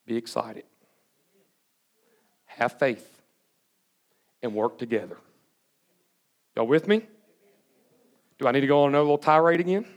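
A man's voice: medium pitch, animated, measured pace, long pauses. A pastor preaching a sermon to his congregation in a church, folksy and plain-spoken, calling for responses from the pews. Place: church sanctuary before a congregation.

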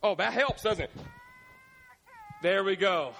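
Animated preacher, man, sharp tone, lots of call-and-response, roomy church reverb. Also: high-pitched, slow, pauses often, a little hiss or hum. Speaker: pastor. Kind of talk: sermon. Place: church sanctuary. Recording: echoey church hall.

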